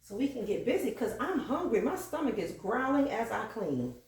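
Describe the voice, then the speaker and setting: A chatty woman with a fairly high, very lively voice talks casually in her home kitchen. She laughs often and now and then slips into a preacher's cadence. The room gives her voice a noticeable echo. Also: normal speed, distant mic, a little hiss or hum. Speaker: cooking channel host. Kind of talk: casual chat while cleaning.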